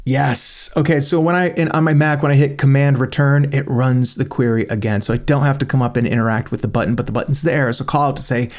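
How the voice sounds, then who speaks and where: Host, male, mid-pitched, chatty and eager, narrating his own screen demo while he thinks aloud. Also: a little mellow. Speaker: channel host reviewing a software tool. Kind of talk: screen-recorded software walkthrough.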